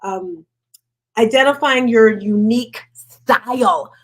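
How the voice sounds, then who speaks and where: Woman host, quick energetic delivery, fairly high voice, video call. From the North. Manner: fast-talking, energetic. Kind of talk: motivational group talk.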